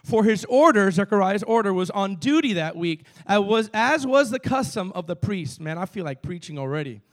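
Cuban-accented pastor, high male voice, lively call-and-response sermon in a church. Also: normal speed. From Cuba. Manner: energetic call-and-response preaching. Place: church sanctuary.

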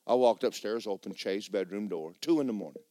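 A male pastor preaching a sermon with animated, folksy, joking storytelling. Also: on the low side, a little fast, no room sound, studio quality.

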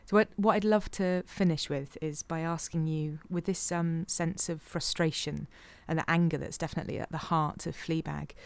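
A woman's voice: deep voice, steady tone, moderate pace, gravelly, few pauses, clean tone, dry recording. Woman interviewer, dry close sound. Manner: brief, encouraging interjections. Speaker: podcast interviewer.

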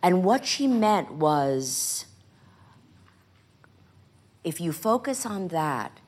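An older woman on stage telling animated stories about acting work, often acting out quoted lines. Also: lowish voice, very slow, breathy edge. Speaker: guest actress in a stage conversation. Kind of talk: conversational storytelling. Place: stage before a live audience.

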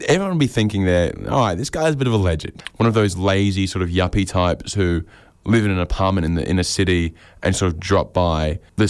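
A man's voice: sits low, clean tone, no echo. A man rambling through a comic monologue with dry, self-mocking asides. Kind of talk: comedic monologue.

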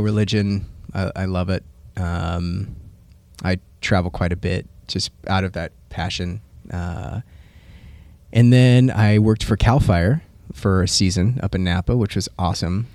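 Low-voiced earnest man, dry studio. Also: vocal fry, a little mellow, no room sound. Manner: rambling and earnest, with fillers and a ready laugh. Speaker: podcast guest, firefighter. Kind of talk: casual interview chat.

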